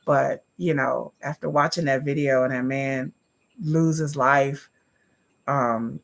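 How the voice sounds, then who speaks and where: Gravelly-voiced woman chatting to viewers. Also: extremely low pitch, steady tone, takes it slowly. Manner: chatty, addresses viewers as y'all. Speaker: livestream host. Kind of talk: casual livestream chat to viewers.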